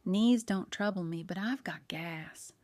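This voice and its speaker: A woman's voice: lowish voice, measured pace, a little mellow, no room sound, natural voice. A woman reading an audiobook, voicing a cranky, confused elderly aunt who rambles and grumbles on the phone. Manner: querulous, rambling, cackling.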